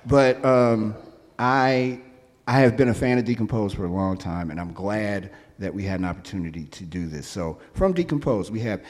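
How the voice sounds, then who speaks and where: A man hosting a live radio show, chatty and upbeat with quick laughing asides. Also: lowish voice, in a large hall. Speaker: radio host. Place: radio studio with live audience.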